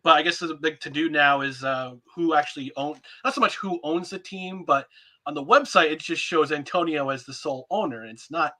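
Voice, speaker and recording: A man hosts a sports podcast in a relaxed, friendly chat. His voice sits a bit high and sounds bright, and he pauses and hesitates often. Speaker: podcast host.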